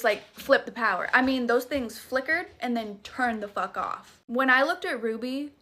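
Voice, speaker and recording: A woman's voice: on the high side, bright, forceful tone. A woman with a Southern US accent telling a spooky personal story in a chatty, profane, dramatic way. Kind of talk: casual storytime vlog.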